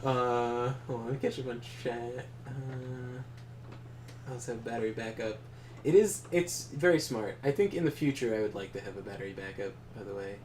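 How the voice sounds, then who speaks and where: A young man streaming a game, telling animated, profanity-laced stories in casual chat. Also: medium pitch, moderate pace, a little hiss or hum. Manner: animated storytelling, swears often. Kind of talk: casual chat while gaming.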